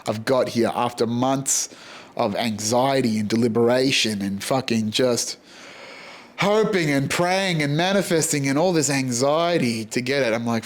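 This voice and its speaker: A man with an Australian accent, a podcast host telling a story in a casual, profane and animated way, acting out the dialogue. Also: medium pitch.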